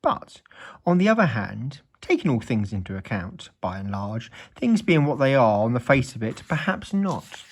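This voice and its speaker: A man's voice: medium pitch, very animated, moderate pace, breathy edge. A man voicing a pompous, long-winded old male wizard who lectures sternly and sounds pleased with himself. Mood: lecturing. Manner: wordy, self-satisfied, stern.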